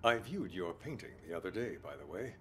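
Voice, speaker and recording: An actor playing a polite, flattering male gallery owner in a game. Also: deep voice, a little fast, slight background noise, heavily acted. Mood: fawning. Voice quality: polite and fawning.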